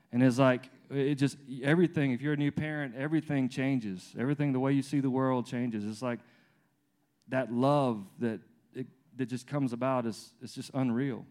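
A man in his thirties with a medium-pitched voice preaches informally at a moderate pace, telling family stories full of restarts and fillers. A lively storyteller, he acts out both his toddler and himself in this conversational sermon.

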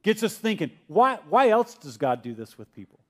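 Speaking at a moderate pace in a high, sing-song voice, a male pastor gives a conversational sermon and puts questions to the congregation. He performs Peter's confused voice as part of it.

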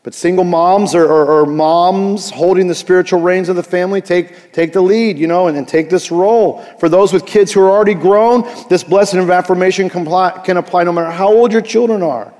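Animated preacher man in a reverberant hall. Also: high voice, a little fast, hardly any pauses. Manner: animated, jokey preaching with wide swings from loud to soft. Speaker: pastor. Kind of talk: Father's Day sermon.

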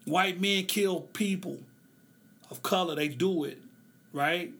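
A man's voice: sits high, fairly bright tone. A man hosting a solo podcast, speaking, passionate and preacher-like, loose and joking at times. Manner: impassioned, preaching cadence, drawn-out phrases; loose, joking, laughs often. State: emotional, tearing up. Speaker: podcast host.

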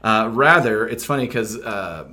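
A man's voice: fairly low pitch, animated, a little slow, bright, forceful tone. A man co-hosting a casual podcast, talking in a laid-back, rambling way with lots of fillers. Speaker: podcast co-host.

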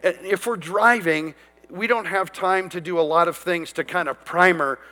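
A man's voice: sits high, normal speed, bright, forceful tone, in a large hall. Emphatic preaching man, raised voice. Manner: emphatic, declaring scripture with rising intensity. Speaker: pastor. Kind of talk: sermon.

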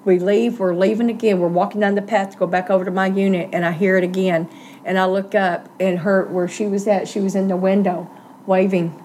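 A woman's voice: mid-range voice, flat delivery, brisk, darkish tone, slight background noise. A middle-aged woman, earnestly telling a personal story in an interview and acting out the voices she quotes.

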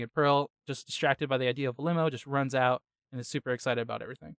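Man, podcast host, smooth clear voice, dry close sound, lively slangy retelling. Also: mid-range voice, very fast, no echo. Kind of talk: casual chat, episode recap.

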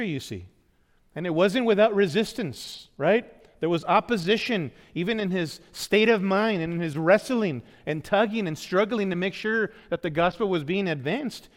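A man preaching a sermon as pastor, often putting rhetorical questions to the congregation. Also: sits high. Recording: long reverb of a hall.

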